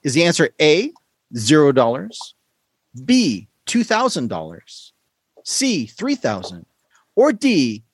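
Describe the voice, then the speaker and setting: A man hosting a casual podcast quiz, playful and quick to laugh. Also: a little high, slightly rough, no echo. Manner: playful, laughs often, lively delivery. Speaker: quiz show host.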